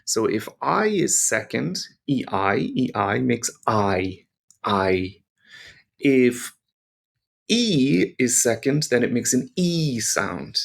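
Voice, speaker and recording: A male language teacher speaking at an unhurried pace, with a gravelly fry in his voice. He explains pronunciation patiently and models each sound for learners. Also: mid-range voice, very animated.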